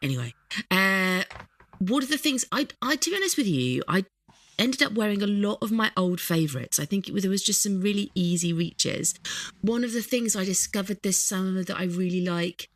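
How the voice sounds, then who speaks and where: A woman, co-hosting a podcast and chatting in a relaxed, storytelling way. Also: mid-range voice, moderate pace, dry recording. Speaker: podcast co-host. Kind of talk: casual chat.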